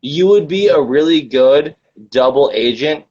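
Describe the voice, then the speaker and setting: A man's voice: fairly high pitch, lively intonation, measured pace, darkish tone. Slangy young man, lo-fi sound. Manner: rambling, filler-heavy slang. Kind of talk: casual chat. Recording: dull lo-fi sound.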